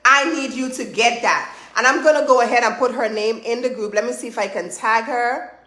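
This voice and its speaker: A woman hosting a live stream as a trainer, chatty and energetic, driving her points home with repeated "okay?". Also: fairly high pitch, fairly quick, reverberant. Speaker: host and trainer. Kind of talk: live-streamed motivational chat.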